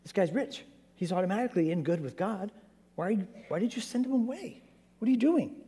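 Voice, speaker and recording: A man's voice: high-pitched, expressive, a little fast, dark tone, breathy edge, in a large hall, pitched above the performer's own voice. A man voicing a group of baffled male disciples who protest in rising, incredulous questions.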